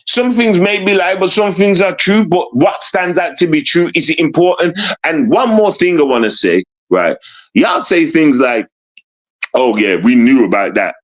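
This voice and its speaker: A man ranting to his stream viewers in rough street slang. He keeps asking whether they understand, and he swings between low muttering and high outbursts. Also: lively intonation, normal speed, rough recording. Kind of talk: livestream rant to viewers.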